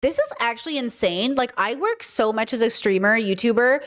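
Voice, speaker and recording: High-voiced woman streamer, opinionated. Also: lively intonation, moderate pace, fairly bright tone. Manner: opinionated, joking asides, many "like" and "okay". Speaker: streamer and commentator. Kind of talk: casual commentary stream.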